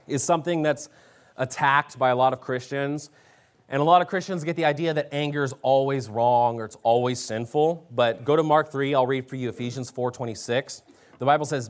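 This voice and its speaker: A man preaching a sermon, exhorting his listeners and reading scripture aloud with emphasis. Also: mid-range voice. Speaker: pastor.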